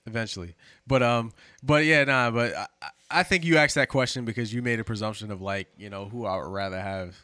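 Male co-host, bright forceful tone, dry sound, stammers and repeats himself. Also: mid-range voice, no echo. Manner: halting, repeats words, hesitant. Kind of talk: casual chat.

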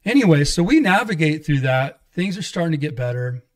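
Animated storytelling man, fairly high voice. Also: a little fast. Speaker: pastor and guest. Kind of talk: conversational testimony.

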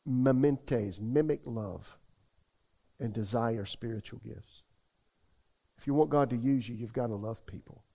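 Older man preaching with a gravelly voice. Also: mid-range voice, a little slow, long pauses, mellow. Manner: folksy, rambling, asks the congregation questions. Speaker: pastor. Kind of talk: conversational sermon. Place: church.

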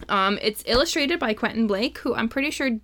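Gravelly woman cohost chatting casually, summarizing a book, ums everywhere. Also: fairly high pitch, lively intonation, brisk, a bit bright. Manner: summarizes a book with many fillers. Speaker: podcast co-host. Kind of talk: casual chat.

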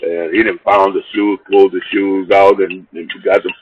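A man with a low voice tells a long, rambling personal story at a moderate pace, in casual and profane speech. He retells it with animation, acting out the people involved and quoting their dialogue. The recording is dull and lo-fi, with faint noise.

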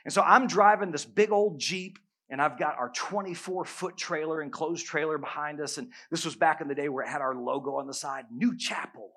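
A middle-aged male pastor preaching a sermon, telling a story with humor and animated bursts. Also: fairly high pitch, brisk, few pauses.

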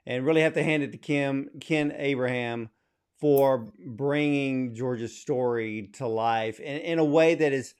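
A man's voice: medium pitch, a little mellow, clean tone. Man hosting a podcast interview. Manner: conversational questioner with restarts. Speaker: podcast host. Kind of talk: casual interview.

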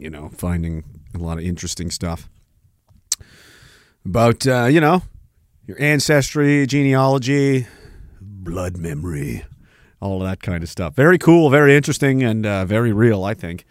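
A man with a low-pitched voice and lively intonation speaks at normal speed while hosting a loose, rambling home livestream. He swears often and cuts himself off to read the chat, in a dry recording with clean studio sound.

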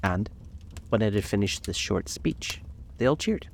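A man narrating a storybook in a measured, gentle way. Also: on the low side, animated, vocal fry, slight background noise.

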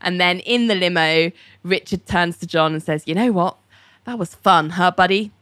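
Lively woman retelling a story. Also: lowish voice, moderate pace, dry recording. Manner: animated storytelling, quoting characters, laughing often. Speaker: podcast co-host recapping a TV episode. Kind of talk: casual chat.

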